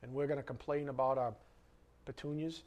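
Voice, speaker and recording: A man's voice: medium pitch, steady tone, brisk, a little mellow, lo-fi sound. A male pastor preaching a sermon to his congregation in a church hall, firing questions at them and rising sharply when worked up.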